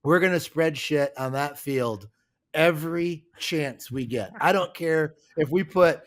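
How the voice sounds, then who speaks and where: A man's voice: on the high side, measured pace, close to an everyday voice. A man quoting a stubborn older male farmer in a story, speaking in a defiant, emphatic way.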